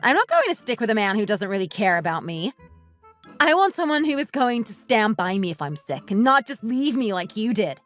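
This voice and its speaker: Over soft background music, a woman with a mid-range, slightly bright voice speaks briskly and with great animation. She's dramatizing a text-message story, voicing a bitter, resentful wife who bluntly accuses her husband and demands a divorce.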